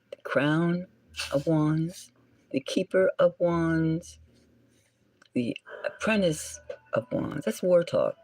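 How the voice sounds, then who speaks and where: A tarot reader hosting a solo reading, unhurried and full of gravelly rasp, with a pitch that swoops up and down. The delivery is musing and self-correcting, with frequent drops into a whisper, over faint background music. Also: darkish tone, no room sound, low-quality recording. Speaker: tarot reader and channel host.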